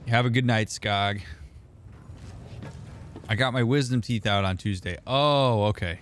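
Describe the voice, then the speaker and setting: Young male streamer, low-ish voice, relaxed and chatty, calls viewers by name. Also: moderate pace. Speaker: therapist streamer reading chat. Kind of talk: casual gaming stream chat.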